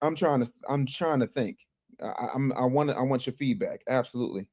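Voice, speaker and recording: A man hosting a casual livestream, reading viewer chats and commenting in an animated, emphatic way that repeats phrases and restarts often. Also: medium pitch, fairly quick. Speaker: livestream news commentary host.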